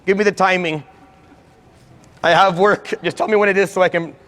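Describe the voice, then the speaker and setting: A man's voice: sits high, steady tone, moderate pace, fairly bright tone. A man voicing an impatient Bedouin man who bluntly demands to know when judgment day will come.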